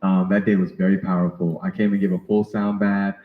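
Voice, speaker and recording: A man's voice: low voice, flat delivery, a little fast, roomy sound, phone-quality sound. A man who works as a sound healer, talking in an earnest, reflective way as a podcast guest. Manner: earnest, reflective, many fillers. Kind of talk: casual interview conversation.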